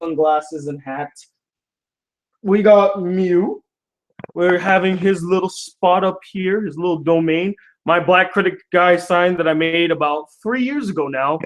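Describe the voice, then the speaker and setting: A man's voice: high voice, measured pace. A young man hosting a casual vlog, rambling, joking and swearing about his own mishaps as he reads fan mail at home. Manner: profane, joking, self-deprecating. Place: home room.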